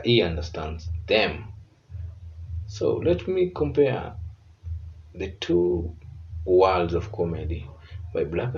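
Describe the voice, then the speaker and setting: A man from Africa hosting a reaction video, giving earnest, measured commentary and thinking aloud as he goes. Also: low voice, darkish tone, muffled recording, a little hiss or hum.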